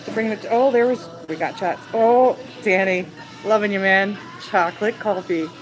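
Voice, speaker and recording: A livestream host, she broadcasts casually from a shop late at night, giggling, chatting and welcoming viewers along the way. Her mid-range voice moves at a moderate pace over clear background music, in low-quality audio.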